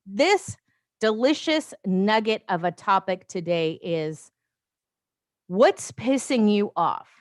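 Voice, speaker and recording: A woman hosting a casual livestream from her phone, chatty and rambling, with animated asides and frequent laughs. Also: medium pitch, slow pace, no echo, studio quality. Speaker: life coach livestream host. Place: home, with noise outside.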